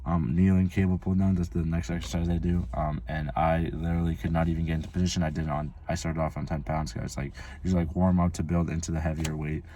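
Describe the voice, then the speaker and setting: A man's voice: sits low, little pitch movement, fast, few pauses, warm tone. A man vlogging casually, telling a rambling story full of swearing and filler words. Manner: rambling, profane, lots of "like" fillers.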